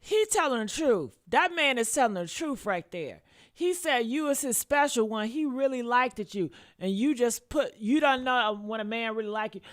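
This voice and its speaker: A woman's voice: a little high, animated, moderate pace. A woman hosting a celebrity gossip channel, talking in a sassy, blunt, scolding way.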